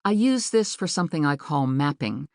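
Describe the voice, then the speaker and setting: Low, lively woman narrating a how-to guide. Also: no echo, clean studio sound. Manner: clear, deliberate teaching delivery with marked emphasis. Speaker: audiobook narrator. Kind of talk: scripted instructional narration. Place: recording studio.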